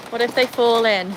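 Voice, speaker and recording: Woman, British accent, higher voice, chatty livestream host, reads out comments, talks to her dogs, tin-roofed veranda in the rain. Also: slight background noise, rough recording. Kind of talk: casual livestream chat.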